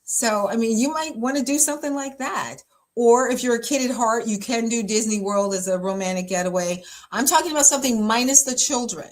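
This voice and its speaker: A woman's voice: fairly high pitch, fairly quick. A woman pastor talking casually about relationships, chatty and emphatic, with lots of fillers and easy laughter. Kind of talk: casual relationship advice talk.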